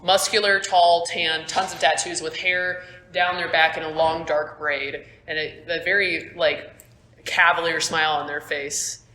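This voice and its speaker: A woman's voice: low-pitched, flat delivery, measured pace, sharp tone. A young woman narrating as game master in a casual, swearing style, recorded on a phone in a room at school. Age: young adult. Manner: casual, swearing, laughs at own slips. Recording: echoey room, phone, faint noise.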